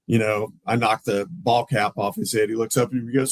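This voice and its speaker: A man tells police stories in a casual interview. He lively jumps into the voices of the people in each anecdote. His voice sits in a middle register and sounds close and dry, with no room around it. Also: mid-range voice, fast talker, hardly any pauses, dry recording, low-quality recording. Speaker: police lieutenant guest. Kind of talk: casual storytelling in a podcast interview.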